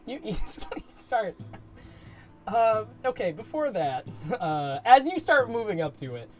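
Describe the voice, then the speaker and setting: A woman narrating a tabletop game as game master, laughing often and breaking into loud character voices. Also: mid-range voice, sing-song, a little slow, soft background music.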